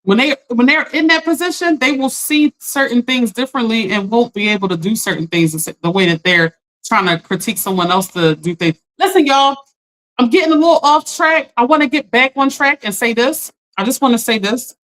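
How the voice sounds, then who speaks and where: A woman life coach in casual live-stream chat, animated, laughing often and talking straight to her viewers. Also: fairly high pitch, a little fast, poor audio.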